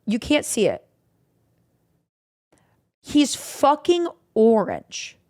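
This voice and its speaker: A young woman streamer casually recapping stories to her chat, animated and swearing freely. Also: on the high side, very slow.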